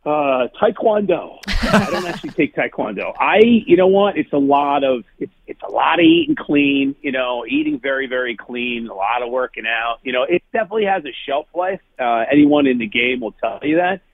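Husky-voiced man on a phone line. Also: medium pitch, lively intonation, moderate pace, hardly any pauses, no echo. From New Jersey. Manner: chatty, self-deprecating, laughs often. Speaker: food challenge TV host, guest. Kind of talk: casual interview chat. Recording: tinny phone-line call.

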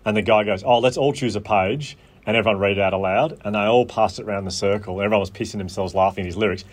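An Australian man with a lowish voice, talking as a guest on a chat podcast. He tells stories animatedly, with quick asides and chuckles. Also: little pitch movement. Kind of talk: casual chat.

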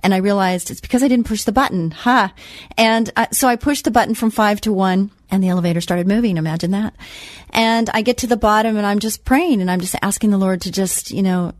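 A woman's voice: mid-range voice, fairly quick, no room sound. A woman hosting a Christian radio talk show, telling a personal story in a chatty way with frequent restarts.

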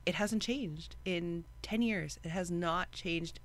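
A woman's voice: fairly low pitch, slow pace. A woman talking as a guest in a podcast discussion, thoughtful, with many fillers and "right?" tags. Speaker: guest, university academic.

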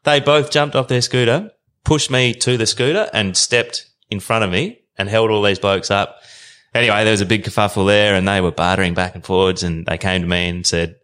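A man with an Australian accent, telling a story as a podcast guest in a casual, animated way and swearing freely. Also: on the low side, brisk, smooth.

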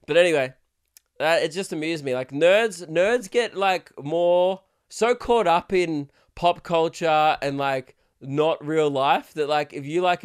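A man's voice: fairly high pitch, clear, resonant tone. A young man hosting a solo podcast, rambling crudely and laughing often. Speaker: podcast host. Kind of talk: casual solo podcast rant.

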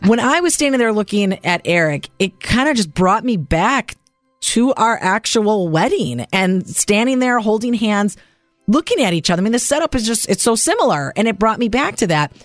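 A woman's voice: mid-range voice, sing-song, normal speed, no echo. Woman radio host telling a personal story, earnest, bit of music in the back. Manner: earnest and personal, recounting at length. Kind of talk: casual radio chat.

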